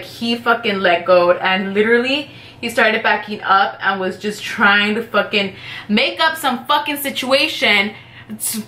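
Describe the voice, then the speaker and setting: Bright-voiced woman, swearing casual storyteller. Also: on the high side, roomy sound. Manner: profane, rambling, heavy use of "like". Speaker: vlogger telling a personal story.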